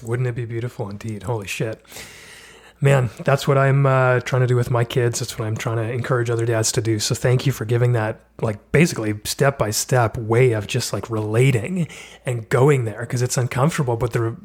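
A man's voice: mid-range voice, fairly even intonation, a little fast, slightly rough. A man hosting a podcast, talking casually and bluntly with frequent swearing. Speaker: podcast host.

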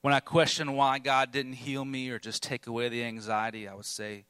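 A man's voice: mid-range voice, level tone, moderate pace, fairly bright tone, clear, resonant tone, no room sound. A man preaching a sermon, telling his own struggles candidly with bursts of emphasis. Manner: candid, self-deprecating storytelling with bursts of emphasis.

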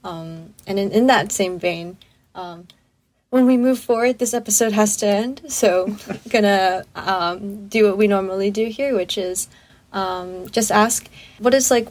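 A woman hosting a podcast in casual chat, relaxed, with frequent fillers. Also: medium pitch. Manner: relaxed, frequent likes and ums. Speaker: podcast host.

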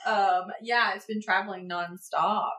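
A woman's voice: mid-range voice, fairly even intonation, a little slow, pushed and bright. A woman co-hosting a podcast in casual chat. She is tired and talks in a playful, teasing way. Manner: playful, teasing, laughs often. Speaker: podcast co-host.

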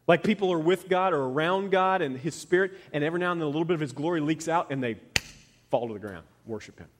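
A man in his thirties preaching a conversational sermon as a pastor, often dropping to a soft, quiet voice. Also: on the high side, fast, in a large hall.

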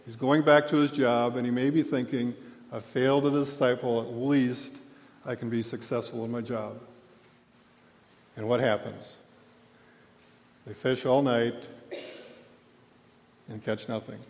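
A pastor preaching a sermon, telling the story and voicing the people in it with a raised voice. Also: male voice, mid-range voice, flat delivery, unhurried, long pauses, darkish tone. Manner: storytelling, acts out quotes with raised voice. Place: church sanctuary. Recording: dull lo-fi church recording with long reverb.

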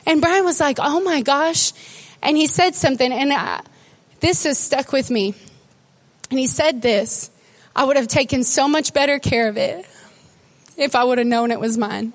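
A woman pastor preaching a sermon, telling stories with animated, emotional delivery that turns tearful at times. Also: sits high, normal speed, pauses often.

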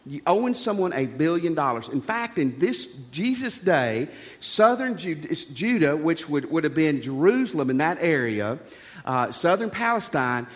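A man preaching a sermon as a pastor, folksy and animated, with jokes and rhetorical questions. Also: on the high side, normal speed. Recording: long reverb of a large hall.

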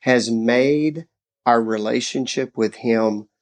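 A middle-aged man talking about parenting in a relaxed, earnest way. He tells stories warmly and lively and stresses his points. His voice sits at a medium pitch. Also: slow. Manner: earnest, animated storyteller. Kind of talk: casual faith-based parenting discussion.

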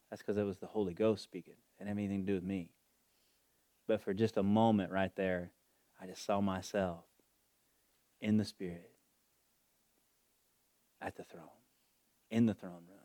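A man preaching a sermon in a fervent, emotional, drawn-out way. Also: fairly low pitch, warm tone, no room sound.

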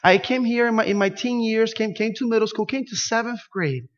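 Pastor, male, Spanish speaker, high voice, animated storyteller, lo-fi recording. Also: a little fast. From Puerto Rico. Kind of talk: sermon with a personal story. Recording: dull lo-fi sound.

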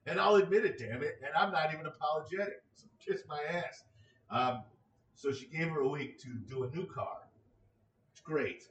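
A man's voice: fairly high pitch, animated, moderate pace, far from the mic. Exasperated man ranting in an echoey room. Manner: exasperated, sarcastic, swears freely. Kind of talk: casual ranting monologue.

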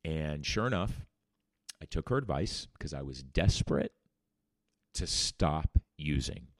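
His voice is a rumbling low, expressive and a little slow, as this podcast host speaks candidly and bluntly about his own recovery, swearing freely. The studio-quality audio has no echo.

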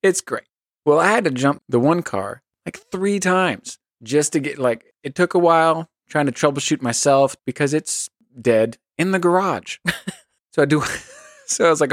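A man's voice: a little high, expressive, moderate pace, no room sound, studio quality. A middle-aged man co-hosting a podcast, telling stories in an easygoing way and laughing mid-sentence. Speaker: podcast co-host. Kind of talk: casual conversational advice.

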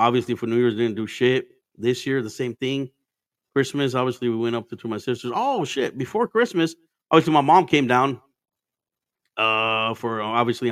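A man's voice: mid-range voice, fairly bright tone, no echo, studio quality. A man telling stories in casual chat as a podcast host, laid-back and profane, laughing often and mixing Spanish into his English.

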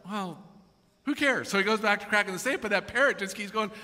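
A man preaching a sermon, telling a story with animated asides and reading scripture. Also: sits high, racing. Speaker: pastor. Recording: echoey hall.

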